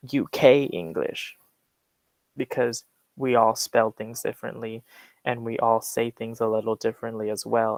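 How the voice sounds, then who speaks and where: A man's voice: medium pitch, gravelly, no echo. A young man explaining accents to a class over a video call, with hesitant, filler-heavy speech. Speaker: guest English speaker.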